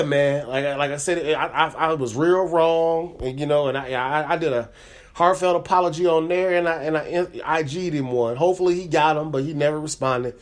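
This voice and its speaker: A man hosting his own comedy podcast, telling a story in a rambling casual way with lots of fillers and repeated words. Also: fairly high pitch. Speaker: podcast host. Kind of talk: casual chat.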